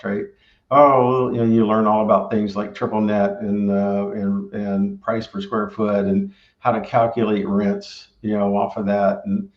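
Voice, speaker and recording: Man, middle-aged, low voice, rambling casual talk, frequent tag questions, roomy dull recording. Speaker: barbecue restaurant owner and former engineer. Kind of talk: casual conversational storytelling.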